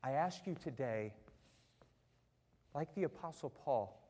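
A fiery preacher in a big reverberant church. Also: male voice, mid-range voice, animated, takes it slowly, pauses often. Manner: swings from quiet asides to shouted peaks; chatty, self-mocking, laughs with the congregation. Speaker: pastor. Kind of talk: sermon. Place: church auditorium. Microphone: wearing a mic.

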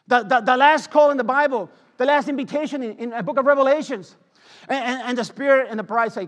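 A male preacher giving an impassioned sermon, repeating his phrases and swinging from hushed tones to loud pleading. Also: very high voice, expressive, brisk, big-room sound.

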